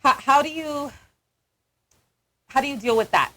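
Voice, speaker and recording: A woman with a somewhat high voice, hosting a radio interview in the studio. She chats casually and encourages her guest, and now and then talks about her own family and the women she mentors. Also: a little slow, fairly bright tone, rough recording. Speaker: radio host.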